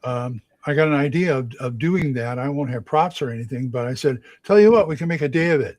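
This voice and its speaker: A man's voice: mid-range voice, animated, brisk, dry recording. A man chatting casually on a live show, telling rambling stories about his stage acting with many restarts. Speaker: regular of a live chat show, stage actor. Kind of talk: casual chat.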